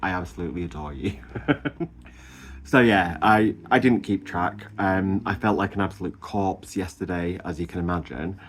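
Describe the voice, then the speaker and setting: A man, chatting casually to camera in a gushing, animated way, full of ums and little laughs. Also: low voice, moderate pace, slight background noise. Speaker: vlogger. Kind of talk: casual chatty weight-loss update.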